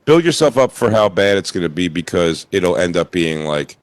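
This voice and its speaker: Laid-back man in his forties, low-pitched comedy co-host, dry joking. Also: very animated, moderate pace, no echo. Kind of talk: casual comedy chat.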